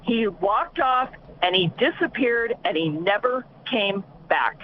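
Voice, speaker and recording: A woman's voice: medium pitch, animated, slow. Indignant woman calling in over a tinny phone line, faint hiss behind her. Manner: indignant, talks in a rush and retells dialogue. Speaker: caller. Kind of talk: call-in complaint on a talk show.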